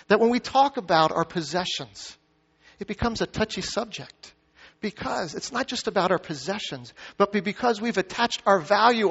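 High-voiced man preaching in a reverberant hall. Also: gravelly, fairly bright tone, slightly rough. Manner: reads scripture aloud, asks the congregation questions. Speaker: pastor. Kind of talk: sermon. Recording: muffled sound with long hall reverb.

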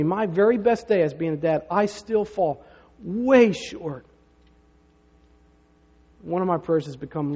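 A pastor with a high, slightly rough, somewhat mellow voice preaches a sermon, telling stories conversationally and tossing rhetorical asides to the congregation. The recording sounds dull and lo-fi, with the echo of a reverberant hall.

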